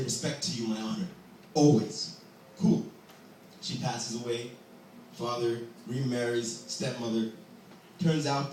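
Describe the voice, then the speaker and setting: A man's voice: medium pitch, slight background noise. A man telling a folktale live, playful, with chatty asides to the audience. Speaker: storyteller. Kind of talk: live storytelling. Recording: echoey hall from far off.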